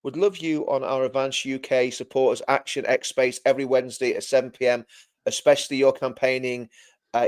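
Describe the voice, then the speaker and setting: Chatty man with a slightly high voice. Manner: chatty, repeats himself, laughs often. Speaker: livestream co-host. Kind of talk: casual livestream chat.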